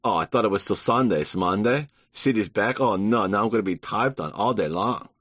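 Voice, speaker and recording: A man's voice: on the low side, fairly quick, a bit bright, no room sound. A man voicing a worn-out office keyboard that whines about being typed on. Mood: dismayed. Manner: dismayed, whining. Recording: dull lo-fi.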